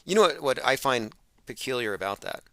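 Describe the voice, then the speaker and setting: A man's voice: medium pitch, lively intonation, brisk, pushed and bright, no echo. A man hosting an open-phones radio show, talking in an emphatic, sarcastic monologue.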